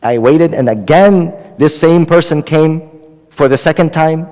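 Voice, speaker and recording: Male preacher, slightly high voice. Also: unhurried, a little mellow, big-room sound, rough recording. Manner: storytelling, retelling a hadith with dialogue. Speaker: Islamic preacher. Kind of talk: Ramadan night sermon.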